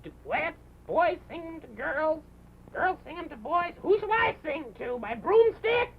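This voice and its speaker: Guy doing a sulky lonely witch puppet, high squeaky voice that swoops around, old muffled tv sound. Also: animated, measured pace, creaky, a little hiss or hum, exaggerated voice. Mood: self-pitying. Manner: sighing, self-pitying, dramatic outbursts. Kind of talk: live television puppet show. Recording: muffled 1950s TV broadcast recording.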